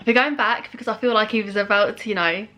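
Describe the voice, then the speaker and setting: A chatty woman reacting to a track in a casual, talkative way. Her voice is bright and forward at an ordinary middle pitch, and she laughs easily between comments. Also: normal speed. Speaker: reaction video host.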